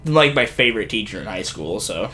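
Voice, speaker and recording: A young man in casual chat, telling animated stories, swearing freely and laughing often. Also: lowish voice, a little fast, soft background music.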